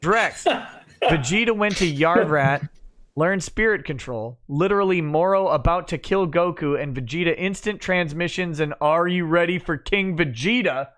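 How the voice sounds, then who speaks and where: A man's voice: on the high side, normal speed. A man hosting a casual late-night livestream, bluntly chatting and reading viewer comments aloud. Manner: blunt, profane, reads comments in a flat run. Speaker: livestream host.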